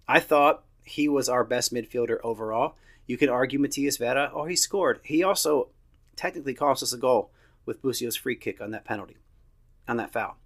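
A man in his thirties talks through a soccer match on his own, blunt and opinionated. He swears casually and sounds like he is chatting from the couch. His pitch sits in the ordinary middle range for a man. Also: normal speed, a bit bright. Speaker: soccer podcast host. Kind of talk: casual solo match review.

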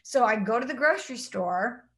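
Animated woman telling stories in casual chat. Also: a little high, moderate pace. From Saint Louis, Midwest US. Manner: animated storytelling, acts out quotes. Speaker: podcast co-host.

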